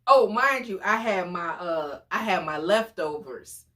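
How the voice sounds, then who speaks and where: A woman in her forties telling a story casually, animated and exclamatory, often breaking into laughter. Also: fairly low pitch, a little slow. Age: 40s. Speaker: storytime vlogger.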